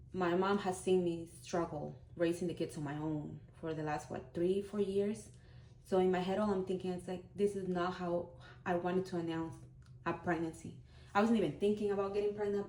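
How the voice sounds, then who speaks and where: A woman's voice: lowish voice, a little mellow. 30s woman vlogging, emotional storytime, casual and candid, kinda echoey room, faint hum behind. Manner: heartfelt, emotional, conversational. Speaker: vlogger, single mom. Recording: roomy echo.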